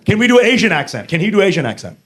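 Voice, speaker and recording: A man with a high, bouncy voice doing stand-up into a handheld mic. He is brash and profane and slips into silly accents and impressions. His pitch leaps up and down all through the bits. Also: big pitch swings, rapid-fire. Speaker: stand-up comedian. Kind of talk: stand-up comedy set. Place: comedy club stage before a live audience.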